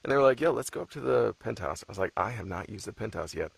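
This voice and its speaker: A man's voice: lowish voice, expressive, quick pace, creaky, slightly rough, no room sound. A man, an audiobook narrator, chatting casually on a live stream, laid-back and swearing freely as he tells stories with a laugh. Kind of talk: casual chat.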